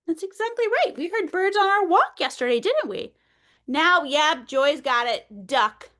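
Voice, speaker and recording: A high-voiced woman in middle age runs a training session for early childhood teachers. She talks in a bright, animated way and often acts out how she would speak to a class of small children. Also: brisk. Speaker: early childhood educator leading a webinar. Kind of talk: teaching workshop with demonstration.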